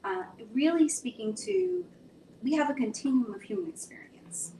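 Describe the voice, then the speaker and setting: A woman psychologist guest on a panel, explaining her points in a measured way. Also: high voice, big pitch swings, mellow, echoey room, a little hiss or hum, low-quality recording.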